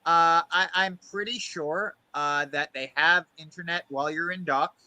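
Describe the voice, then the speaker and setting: A man with a sharp, bright voice, a touch high, hosts a casual stream. He hesitates with fillers and drops profanity. The sound is dry and close. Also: normal speed, dry recording. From United States. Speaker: host.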